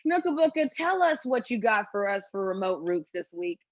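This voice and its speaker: A woman hosting a casual podcast, telling a family story in an animated way and acting out what people said. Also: mid-range voice, normal speed, dry recording, dull audio. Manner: animated storytelling, acts out quotes. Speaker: podcast host. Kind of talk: casual chat.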